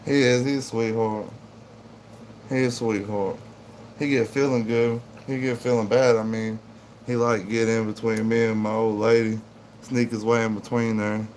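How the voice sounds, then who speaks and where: A man's voice: lowish voice, level tone, normal speed, darkish tone, slight background noise. A man chatting casually on a livestream, rambling in a laid-back way to his viewers and his dog at home. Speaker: livestream host.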